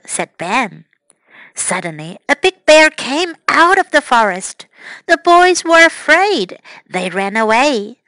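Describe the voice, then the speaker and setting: Slow, bright-voiced woman teacher. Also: sits high, big pitch swings, no room sound, poor audio. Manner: slow, clear, repeating phrases. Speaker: English teacher. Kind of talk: bilingual storybook lesson for children.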